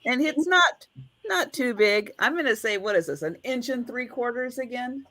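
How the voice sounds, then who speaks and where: A woman's voice: fairly high pitch, animated, normal speed, pushed and bright, no room sound. A woman hosting a live online vintage sale, chatting and counting down bids like an auctioneer. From United States.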